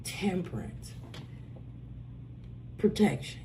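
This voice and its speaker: A woman giving a casual, profane tarot reading, swinging between loud outbursts and low muttering. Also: very animated, very slow, a little hiss or hum. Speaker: tarot reader.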